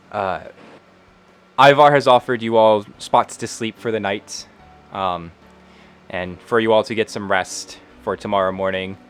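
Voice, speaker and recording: A man running a tabletop game as game master, narrating scenes in a relaxed way with frequent fillers. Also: lowish voice, clean tone.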